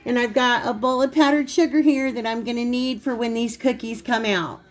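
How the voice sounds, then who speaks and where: A woman's voice: high voice, a little mellow. Chatty woman hosting a home cooking vlog. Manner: chatty, laughing, self-teasing. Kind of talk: casual cooking demonstration. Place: home kitchen.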